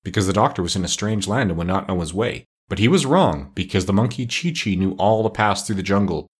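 Man, audiobook narrator, storybook reading, husky voice, fairly low pitch. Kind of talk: storybook read-aloud narration.

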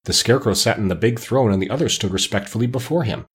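A man narrating a classic children's book as an expressive audiobook reading. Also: fairly low pitch, fast talker, slightly rough. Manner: expressive storytelling. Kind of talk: scripted narration.

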